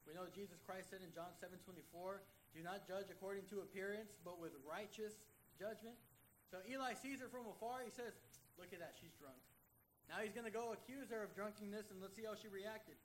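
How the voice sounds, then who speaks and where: High-voiced young man preaching a sermon. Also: fairly quick, slight background noise, rough recording. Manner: earnest, rhetorical questions, acts out quoted voices.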